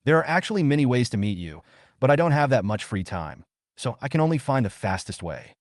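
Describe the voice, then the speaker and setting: A man voicing a calm, self-assured young man in a comic story. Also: mid-range voice, a little fast, no room sound, clean studio sound, natural voice.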